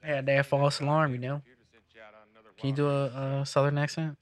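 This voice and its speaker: A man's voice: medium pitch, flat delivery, moderate pace, faint music behind. A man in casual chat while watching a movie with friends, talking in a chatty, questioning way.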